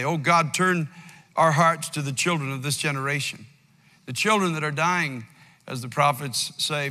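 A man in his sixties preaching a sermon as pastor, with passionate swings between loud climaxes and quiet pleading. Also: fairly high pitch, long reverb tail. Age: 60s. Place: large church hall.

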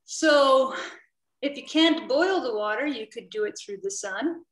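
A woman from the southern United States leading an online workshop, lively and playful as she quizzes the group with questions. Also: high-pitched, unhurried. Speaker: workshop trainer. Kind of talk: interactive online teaching. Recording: echoey room.

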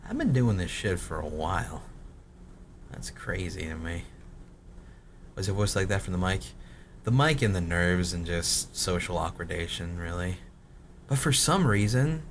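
A gaming creator in his late twenties, with a low-pitched, cracking voice, rambles through casual commentary on his old videos, swearing a lot and mocking himself. There's slight background noise.

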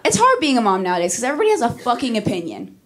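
A woman's voice: fairly high pitch, rapid-fire, background noise. A woman in her thirties doing a stand-up comedy set, brash and profane, telling stories with big energy. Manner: brash, profane, animated storytelling. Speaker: stand-up comic. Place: comedy club stage.

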